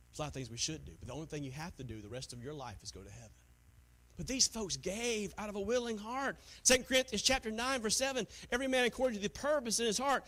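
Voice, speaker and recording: A man preaching with a notably high pitch and a bright, ringing tone. He moves between quiet, nearly whispered lines and loud, emphatic preaching, now and then mocking reluctant givers in put-on voices. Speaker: pastor. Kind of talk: sermon.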